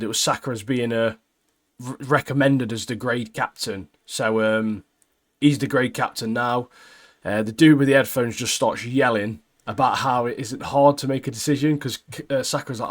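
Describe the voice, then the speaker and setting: Casual podcast co-host, mid-pitched, rambly recap delivery. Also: male voice, steady tone, moderate pace. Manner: rambling, many fillers, laughs at own retelling. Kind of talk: casual anime recap chat.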